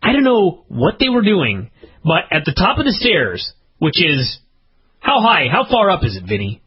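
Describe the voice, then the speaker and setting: A man chats casually as a podcast co-host, telling a story full of swearing. His voice sits high and swings widely, jumping up into outbursts. The husky tone comes through on a dull, lo-fi recording. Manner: animated, profane, quick to jump to high-pitched outbursts.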